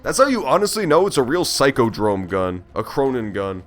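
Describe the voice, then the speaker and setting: A man's voice: medium pitch, very animated, normal speed, soft background music. A man giving casual gameplay commentary on a stream, joking and swearing as he reacts aloud to the game. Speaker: let's play streamer.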